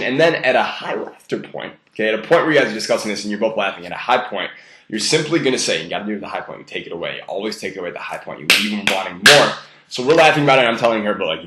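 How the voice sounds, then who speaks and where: Male dating coach, low-pitched, rapid casual delivery, roomy echo. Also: sharp tone. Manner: rapid, loose, filler-heavy talk. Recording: echoey room.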